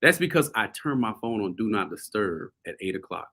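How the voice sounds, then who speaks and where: A man hosting a show, telling a story casually to his viewers, animated and laughing often. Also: fairly low pitch, fairly quick, slightly rough. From US South. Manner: animated, laughing often, addresses audience as y'all. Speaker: host.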